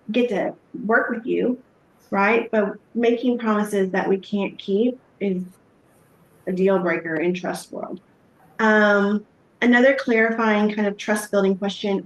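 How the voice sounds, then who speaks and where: A woman giving a live training talk on trauma-informed care, conversational, with frequent fillers and acted-out sample questions. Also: mid-range voice. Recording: echoey room.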